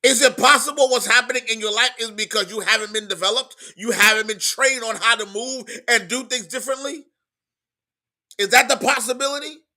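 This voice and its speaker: A man preaching a sermon in an emphatic, repetitive style, moving between quiet stretches and loud outbursts. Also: very high voice, a little fast. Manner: emphatic preaching, repeats words, swings from soft to loud.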